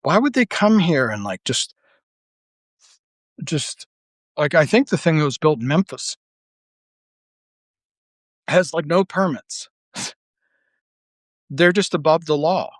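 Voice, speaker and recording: A man's voice: on the high side, expressive, slow, long pauses, dry recording. A man delivering an unscripted monologue as an online commentator, heated and blunt, with profanity, rambling restarts and rhetorical questions.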